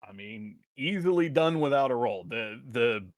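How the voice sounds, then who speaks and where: A man's voice: medium pitch, animated, moderate pace, no room sound, clean studio sound. A man acting as game master in a casual online tabletop game, narrating in a rambling way with frequent restarts.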